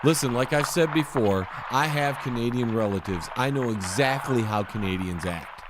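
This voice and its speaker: A middle-aged man hosting a comedy call-in radio show in a brisk, wry manner. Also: medium pitch, very noisy.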